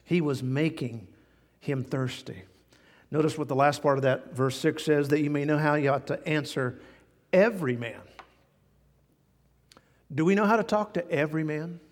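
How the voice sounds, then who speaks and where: Folksy preacher with a high voice in a reverberant hall. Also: male voice, normal speed, pauses often. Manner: folksy, animated, chuckles at his own jokes. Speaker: pastor. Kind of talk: sermon.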